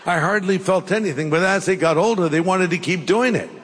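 An older man preaching a sermon, telling folksy stories with jokes and pauses. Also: sits high, a little hiss or hum. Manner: folksy, jokey storytelling with pauses. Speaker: pastor. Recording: long hall reverb.

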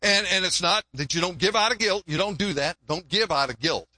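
Older pastor with a bright voice. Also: male voice, high-pitched, brisk, no room sound. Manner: folksy joke-telling preacher, repeats words. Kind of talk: sermon. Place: church.

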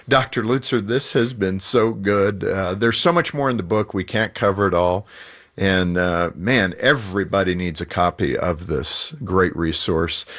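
A man's voice: low-pitched, fairly bright tone. A man hosting a Christian radio talk show, earnestly encouraging listeners to pray and get in touch.

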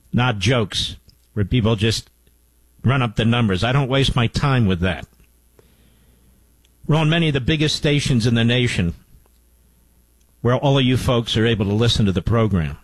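A man's voice: mid-range voice, dry recording, rough recording. A man hosting a talk radio show, speaking emphatically and repeating key points for stress.

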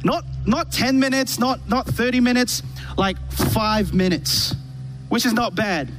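A man preaching a sermon on a church stage with a band, telling a story in an animated way and often restarting his sentences. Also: very high voice, a little slow, background noise.

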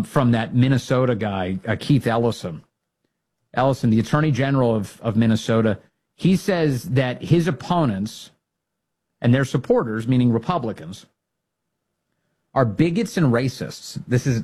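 Male talk host, husky tone, punchy opinion delivery. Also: medium pitch, darkish tone. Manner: emphatic, rallying, repeats phrases for punch. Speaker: political talk show host. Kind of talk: opinionated commentary.

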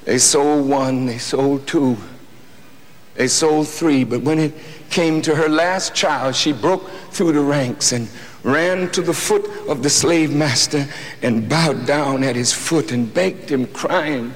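A man giving an impassioned speech to an audience, preaching with slow, deliberate emphasis and rising to shouts. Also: mid-range voice. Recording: echoey hall with faint noise.

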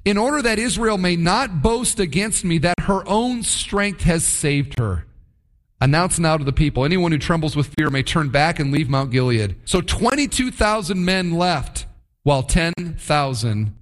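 High-voiced man preaching a lively sermon. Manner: lively storytelling, acts out voices of the people in the story. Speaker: pastor. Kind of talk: sermon, Bible teaching.

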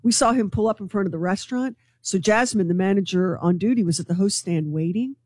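A woman co-hosting a morning radio show, telling a news story to her co-hosts in an excitable, gossipy way. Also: medium pitch, brisk, no room sound. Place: radio studio.

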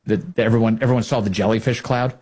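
Man, husky voice, sarcastic commentary host, mocking tone. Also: fairly low pitch, fast talker. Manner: sarcastic, mocking, animated asides.

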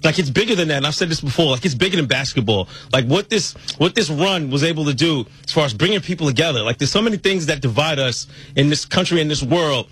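Fast-talking husky man, rambling. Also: a little high, no room sound. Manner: rambling, excited. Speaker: radio show producer. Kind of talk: sports talk radio chat.

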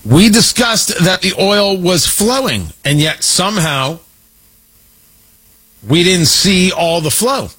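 A man's voice: high voice, expressive, takes it slowly, a bit bright, husky, poor audio. A man delivering an opinionated political monologue, sarcastic and emphatic, repeating points for effect. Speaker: political commentator.

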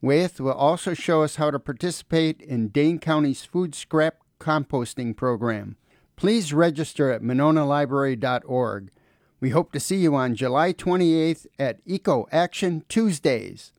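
A man reads a community library announcement in a plain, informative manner. His voice sits a little on the high side for a man. The sound is dry and close, with no room around it. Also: a little slow, a little mellow, no room sound. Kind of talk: read public service announcement.

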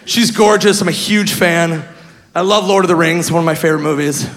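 A man doing stand-up, telling a story with animated laughter and sudden shouted bits. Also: a little high, a little fast, gravelly. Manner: animated, laughing, bursts into loud shouted impressions. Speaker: stand-up comedian. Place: comedy club stage. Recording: reverberant hall with faint crowd and noise.

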